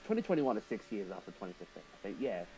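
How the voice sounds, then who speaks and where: A man's voice: on the low side, sing-song, racing, warm tone, slight background noise, rough recording. A man streaming a racing game, chatting casually and thinking aloud while he drives and answers his viewers.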